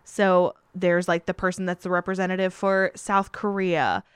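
A woman co-hosting a podcast in casual comedic chat, laughing often and talking with excitement. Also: on the low side, moderate pace, clear, resonant tone, no room sound, studio quality. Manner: giggly, enthusiastic, laughs often. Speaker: podcast co-host.

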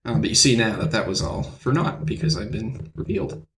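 A man's voice: on the low side, animated, brisk, a bit bright. A man playing a comedy tabletop game, with dry, wry asides. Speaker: player.

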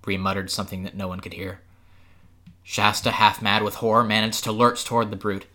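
A man reading a storybook aloud with steady, expressive narration on a podcast. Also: lowish voice, a little fast. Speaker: podcast host, reader.

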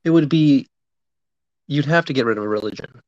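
A man's voice: mid-range voice, moderate pace, dry recording. A man co-hosting a podcast in casual chat, blunt and opinionated, often cutting in. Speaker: podcast co-host. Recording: dull lo-fi sound.

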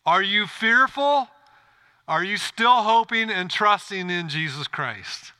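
Bright-voiced man preaching a sermon. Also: high-pitched, animated, slow pace, smooth. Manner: earnest preaching with rhetorical questions to the congregation. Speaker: pastor. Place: church.

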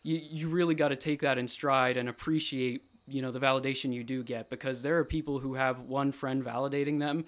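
A young man speaks as a guest on a studio podcast, in a voice of ordinary middle pitch. He sounds earnest and reflective and thinks out loud as he goes. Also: fairly even intonation, brisk, few pauses. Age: young adult. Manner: thoughtful, earnest, a bit rambling. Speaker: podcast guest, college athlete. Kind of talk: casual podcast chat.

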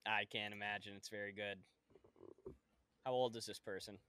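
A man's voice: lowish voice, steady tone, moderate pace, bright, forceful tone, smooth. A young American man co-hosting a podcast, bantering in a laid-back, profane way. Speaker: podcast co-host. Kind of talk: casual chat.

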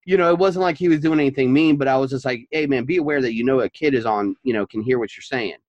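A man co-hosting a casual podcast, chatting as a father of young kids and telling stories in an animated way. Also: mid-range voice, fast talker, dry recording, muffled recording. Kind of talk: casual chat.

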